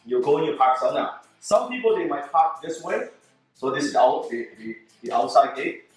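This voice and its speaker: A man's voice: fairly high pitch, expressive, moderate pace. A man coaches a demonstration lesson in broken English, repeating words as he shows each move. His voice sits well back from the mic and rings through a very echoey indoor room. Faint music plays behind him. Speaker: martial arts instructor. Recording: roomy echo, mic at a distance, faint music.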